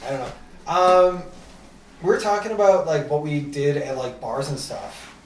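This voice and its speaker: A man's voice: fairly high pitch, unhurried. A young man, a comedian co-hosting a podcast, rambling through a story with lots of filler words. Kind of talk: casual storytelling. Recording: roomy sound, distant from mic, faint room noise.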